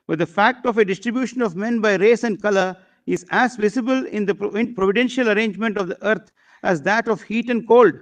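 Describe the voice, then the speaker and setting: A man arguing a case before a bench of judges, deferential and hesitant, constantly saying "my lord". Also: sits high. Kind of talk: courtroom argument.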